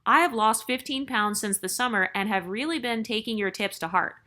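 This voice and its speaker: A woman's voice: fairly high pitch, brisk, sharp tone. A woman host reading a viewer's story aloud and then commenting on it in a casual, chatty way. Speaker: channel host.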